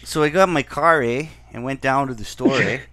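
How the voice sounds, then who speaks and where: A man's voice: mid-range voice, fairly bright tone, no room sound, natural voice. A man putting on a corny Canadian guy. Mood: jokey. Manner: tags every phrase with a drawn-out "eh". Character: exaggerated folksy Canadian guy.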